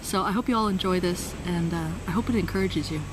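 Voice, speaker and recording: A woman guest in an interview, telling a story with lively energy and acting out the people she quotes. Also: lowish voice, fast talker, background noise. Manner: lively, acts out quoted voices. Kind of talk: animated storytelling.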